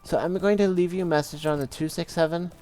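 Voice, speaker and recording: Guy doing a fussy old lady on voicemail, high and loud, keeps repeating herself. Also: steady tone, fast, lightly acted. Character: confused chatty elderly woman leaving a voicemail.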